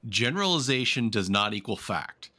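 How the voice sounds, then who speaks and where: A man jumping into a casual podcast debate, blunt and direct. His voice is low but bright, and it rises and falls in lively swings. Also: moderate pace. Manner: blunt, cuts in to argue. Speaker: podcast co-host.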